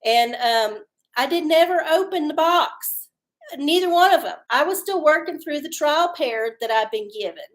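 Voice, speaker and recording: A woman's voice: high voice, animated, normal speed. A woman hosting a live stream, chatting in a folksy, rambling way and swearing freely. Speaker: livestream host doing oracle readings. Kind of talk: casual live-stream chat.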